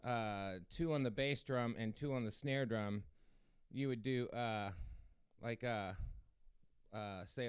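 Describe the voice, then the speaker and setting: A man's voice: medium pitch, slow pace, pauses often, loud music behind the voice. A man casually rambling to viewers as he hosts his own drum practice stream, with many fillers and restarts. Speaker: drummer hosting a practice stream.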